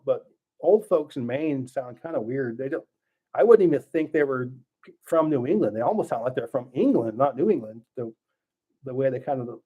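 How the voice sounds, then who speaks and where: A man's voice: fairly high pitch, a little mellow. A middle-aged man answering viewer questions on a casual livestream, thinking aloud with fillers and restarts. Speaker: livestream host. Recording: slightly dull lo-fi stream audio.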